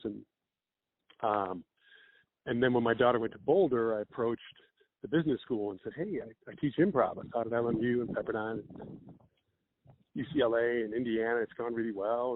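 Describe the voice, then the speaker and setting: A man, an improv comedian and teacher, telling stories in casual chat and acting out quick quotes. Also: medium pitch, dry recording. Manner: animated storyteller with quick acted-out quotes. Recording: dry, phone-like narrow sound.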